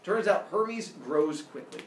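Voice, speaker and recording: A man's voice: high voice, lively intonation, measured pace. A man retelling a myth in a casual, jokey way, full of sound effects, recorded in a roomy space from a distant mic with faint noise. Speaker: storyteller.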